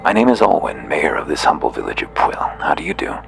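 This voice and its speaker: Man plays flustered fussy mayor, prim politeness, lively pitch swings. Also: brisk, vocal fry, faint music behind, exaggerated voice. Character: flustered fussy woman village mayor, nervous.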